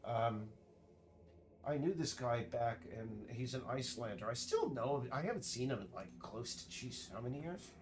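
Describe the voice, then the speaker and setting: A man's voice: medium pitch, lively intonation, background noise. Rambling man chatting on stream. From United States. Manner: rambling, halting, full of restarts. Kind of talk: casual chat while working on stream.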